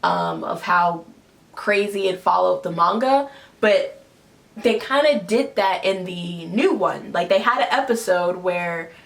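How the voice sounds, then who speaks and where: A woman's voice: fairly low pitch, expressive, measured pace, vocal fry. A woman hosting a casual review chat, giving her opinions in a loose, conversational way. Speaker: host.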